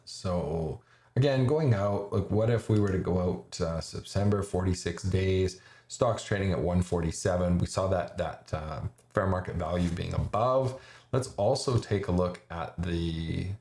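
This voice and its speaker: A man with a very deep, gravelly voice talks casually through option trades on a livestream. He thinks aloud, trailing into fillers and restarting his sentences. The sound carries a noticeable room echo. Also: warm tone. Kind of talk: casual live market commentary.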